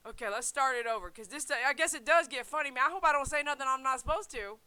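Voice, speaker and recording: A woman talking casually on her vlog in an animated, slangy way. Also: high-pitched, quick pace, few pauses, clean tone, rough recording. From United States. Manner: animated, laughing, slangy with "man" fillers. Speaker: vlogger. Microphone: headset.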